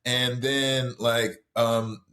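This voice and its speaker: A middle-aged man from the American South with a Southern accent, an author guest telling a story in conversation, lively and full of restarts. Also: medium pitch. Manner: animated, quick storytelling with many restarts.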